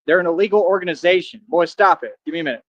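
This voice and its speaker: Cocky male streamer, rapid, slangy trash talk, slightly high voice, dry lo-fi stream sound. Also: steady tone, no echo. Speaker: livestreamer. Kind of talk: boastful livestream rant.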